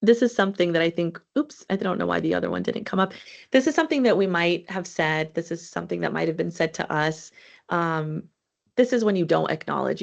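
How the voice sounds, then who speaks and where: Low gravelly woman presenting a webinar. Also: animated, fairly quick, dull audio. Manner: conversational, earnest, many fillers and restarts.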